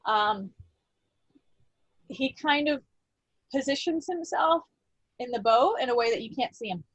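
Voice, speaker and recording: A woman running a tabletop game as game master, relaxed and thinking aloud with lots of fillers. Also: high voice, measured pace, slightly rough, no room sound, highs cut off.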